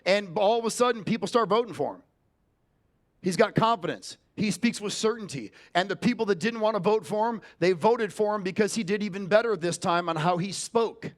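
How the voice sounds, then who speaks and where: A man's voice: sits high, a little fast. A man giving a motivational sales keynote on stage, brash and emphatic, swearing freely. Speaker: sales trainer and keynote speaker. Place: conference stage before an audience.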